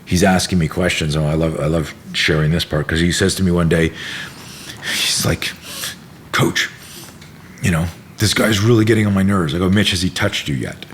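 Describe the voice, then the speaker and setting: A middle-aged man with a very low, deep voice spins a story in a relaxed interview, jumping into other people's voices and swearing freely. A faint room hum sits behind him. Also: normal speed. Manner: animated storyteller, acts out quotes, swears freely. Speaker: self-defense instructor, podcast guest.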